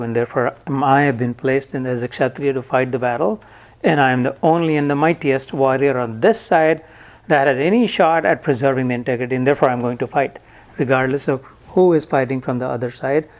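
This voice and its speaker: A man's voice: mid-range voice, brisk. A man giving a spiritual lecture to a live audience, explaining Sanskrit verses word by word in a conversational way. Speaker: Gita teacher.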